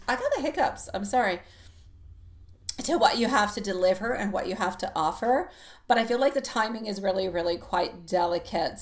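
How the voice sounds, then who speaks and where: A woman hosts a live tarot stream, talking viewers through their questions. Her tone is gentle and reassuring, and she takes things one step at a time. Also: mid-range voice. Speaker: tarot reader.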